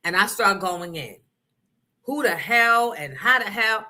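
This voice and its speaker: A middle-aged woman hosting a livestream, chatting casually and telling stories in an animated, profane way, acting out the other people in them. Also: mid-range voice, unhurried. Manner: animated, profane, acts out voices in her story. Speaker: livestream host. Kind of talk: casual chat, storytelling.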